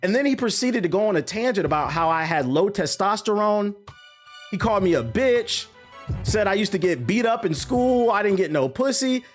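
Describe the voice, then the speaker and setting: Young black dude streaming, high voice, slangy and animated, faint beat behind him. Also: male voice, normal speed, faint music behind. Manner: animated, slangy, profane rant. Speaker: streamer and content creator. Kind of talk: casual stream commentary.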